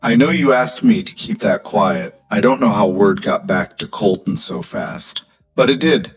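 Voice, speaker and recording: A man's voice: fairly low pitch, lively intonation, measured pace, noisy background. A man voicing an anxious old country doctor. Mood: urgent. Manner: breathless, urgent.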